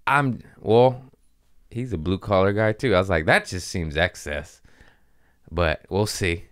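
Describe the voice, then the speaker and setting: A young man hosting a podcast, telling stories in a casual, profane, animated way and laughing at his own jokes. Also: low-pitched, normal speed, clear, resonant tone, dry recording, clean studio sound. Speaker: podcast host. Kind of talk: casual storytelling monologue.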